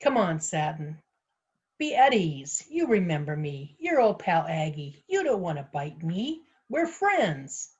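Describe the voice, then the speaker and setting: A woman reading a story aloud, voicing a level-headed older woman who speaks gently and coaxingly. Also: mid-range voice, expressive, moderate pace, dull audio, close to an everyday voice.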